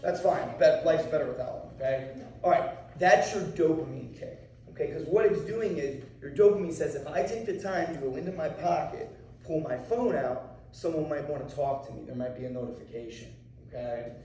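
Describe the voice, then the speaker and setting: A martial arts instructor talking casually to a class of students, often checking in with "okay?" and "right?". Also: male voice, a little high, normal speed, mellow, slight background noise. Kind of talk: anti-bullying talk to a class. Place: school room with students. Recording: echoey room, mic far off.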